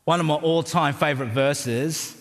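A pastor with an Australian accent and a slightly high voice preaches at normal speed, echoing through a long hall reverb. His style is relaxed and humorous, peppered with tag questions aimed at the audience.

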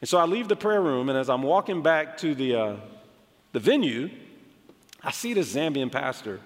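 American preacher with a higher voice in a reverberant hall. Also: male voice, moderate pace. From United States. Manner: animated storytelling with frequent "like" asides. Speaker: pastor. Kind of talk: sermon.

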